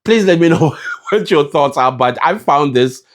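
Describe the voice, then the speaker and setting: A man's voice: a little high, expressive, normal speed. A South African man with a South African accent giving his opinions in a casual vlog, talking passionately and putting questions to his viewers. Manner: impassioned, rhetorical, addresses viewers as guys. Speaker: vlogger.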